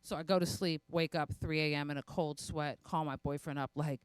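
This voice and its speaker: A woman's voice: low-pitched, steady tone, brisk, clean tone, dry recording. A young adult woman performing a stand-up comedy set, telling self-mocking stories with quoted asides.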